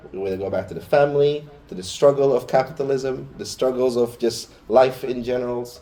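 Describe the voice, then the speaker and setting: A man's voice: mid-range voice, dark tone. A man giving a Friday sermon in a mosque, talking informally and chattily, with personal asides to the congregation. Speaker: Friday preacher.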